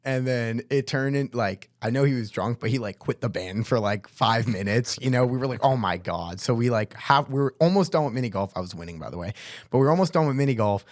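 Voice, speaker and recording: A man's voice: mid-range voice, animated, fairly quick, no echo, clean studio sound. A young man telling tour stories in a casual podcast chat, laid-back and slangy, with lots of "bro" and "like.". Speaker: guest vocalist.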